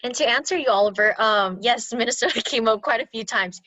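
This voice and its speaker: A woman's voice: on the high side, a little fast, bright, forceful tone, dry recording. A young woman from California presenting an online culture workshop, chatty and laughing often. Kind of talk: casual online workshop teaching. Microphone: video call. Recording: dull lo-fi video call audio.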